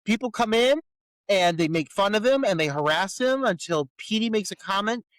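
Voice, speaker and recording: A man's voice: sits high, expressive, normal speed, no echo, poor audio. A man co-hosting a podcast in casual film review chat, exasperated and ranting in rhetorical questions with plenty of swearing. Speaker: podcast co-host.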